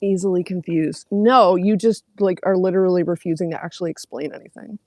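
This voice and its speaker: A woman's voice: on the low side, moderate pace, few pauses, mellow, dry recording. A young woman, livestreaming and reading out comments in casual, sarcastic, profane chat. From Canada.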